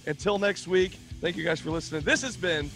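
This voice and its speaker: A man co-hosting a podcast, upbeat and hyping an upcoming show, his voice worn and raspy, with many fillers. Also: high voice, fairly quick, a bit bright, soft background music. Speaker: podcast co-host. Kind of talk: casual podcast chat.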